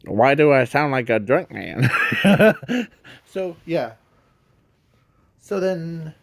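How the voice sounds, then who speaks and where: A man improvising a fan story in a rambling, halting way, often stopping to correct himself. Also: fairly high pitch, very animated, creaky.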